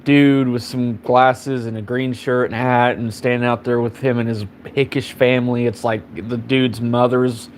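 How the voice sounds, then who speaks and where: A man's voice: mid-range voice, little pitch movement, moderate pace, hardly any pauses, slight background noise. A man on a live stream telling a story in a rambling, casual way, swearing freely and filling his sentences with "you know" and "like". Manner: rambling and profane, heavy on fillers.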